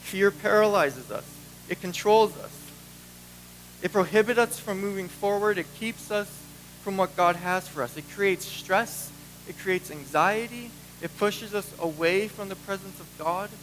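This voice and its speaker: A man preaches from the pulpit in a notably high voice for a man. He talks in an animated way, acting out the lines he quotes. A faint hum runs behind him. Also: measured pace, poor audio. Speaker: pastor. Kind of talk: sermon.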